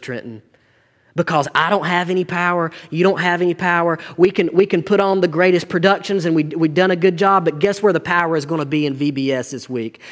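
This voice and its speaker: A man's voice: on the high side, long reverb tail. A man, preaching a sermon to his congregation with earnest, rising and falling intensity. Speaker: pastor.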